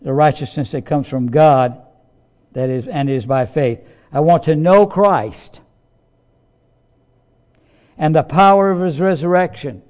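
A man preaching a sermon, emphatic, repeating key phrases and swelling louder on his points. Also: a little high. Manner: slow, deliberate delivery. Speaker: pastor.

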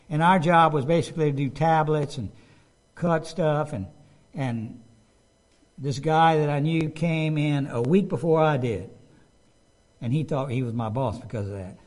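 A man's voice: fairly high pitch, darkish tone. A middle-aged man preaching a sermon, talking conversationally and putting questions to his listeners. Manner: conversational, asks the congregation questions.

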